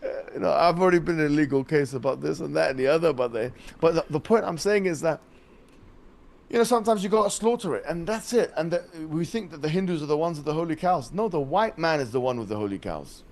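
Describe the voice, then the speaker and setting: A man with a high voice argues on a podcast, talking in a lively, mocking way. He laughs as he goes and mimics the people he is criticizing. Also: quick pace, gravelly. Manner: mocking, mimics opponents, laughs while arguing. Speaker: debater guest. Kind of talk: animated podcast argument.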